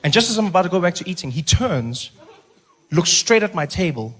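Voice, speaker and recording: A male stand-up comedian tells a story live on a theatre stage into a handheld mic. He talks in a fairly high voice and slips in and out of characters and his own inner monologue. Audience noise sits clearly underneath. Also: very animated, fairly quick, fairly bright tone.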